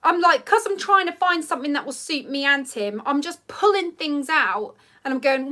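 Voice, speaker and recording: A woman in her thirties hosts a casual livestream from home. Her voice sits high and sounds bright and crisp, and she talks in a chatty, rambling way full of ums and likes. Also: lively intonation, a little fast, few pauses. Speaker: livestream host. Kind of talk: casual live chat reading comments.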